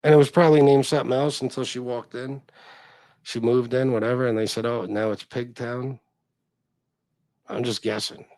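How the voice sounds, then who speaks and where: A man's voice: mid-range voice, quick pace, no room sound. A man hosting a casual livestream, reading comments and telling rambling, profane stories. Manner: profane, rambling, animated reactions. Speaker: livestream host.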